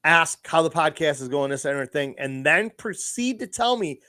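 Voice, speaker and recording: A man co-hosting a podcast, talking casually with animated, profane bursts of emphasis. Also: fairly high pitch, brisk. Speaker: podcast co-host.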